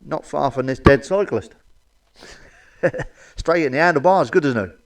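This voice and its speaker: A man's voice: fairly high pitch, animated, unhurried. A middle-aged man, telling crude, sweary jokes to camera and laughing at his own punchlines. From England. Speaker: comedian. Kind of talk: stand-up joke telling to camera.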